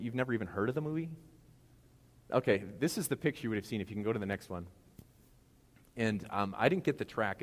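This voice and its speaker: A man gives a laid-back sermon in a church sanctuary, teasing and quizzing his congregation as he goes. His voice is on the low side. A long reverb trails behind every phrase. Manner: casual, joking, asks the congregation questions. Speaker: pastor.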